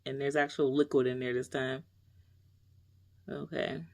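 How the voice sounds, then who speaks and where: A woman's voice: extremely low pitch, flat delivery, unhurried, a little mellow. A stressed woman vlogging casually, rambling anxiously and often dropping to near whispers. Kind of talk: casual personal vlog.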